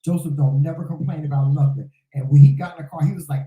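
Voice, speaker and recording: A man's voice: fairly high pitch, fast, few pauses, warm tone, echoey room, slight background noise, poor audio. A man co-hosting a casual chat, speaking earnestly and reflectively, often repeating himself. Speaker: co-host.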